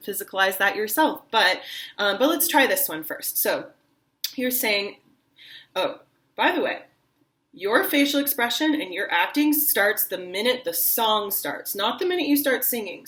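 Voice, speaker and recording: A woman's voice: mid-range voice, a bit bright. Chatty woman opera singer teaching. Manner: chatty, full of "like" fillers; acts out short dramatic quotes mid-explanation. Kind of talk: casual online singing lesson.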